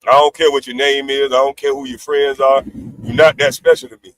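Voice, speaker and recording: A middle-aged man hosting a livestream rants at his critics, boasting, cursing, and trash-talking. His medium-pitched voice is flat in delivery and a little fast.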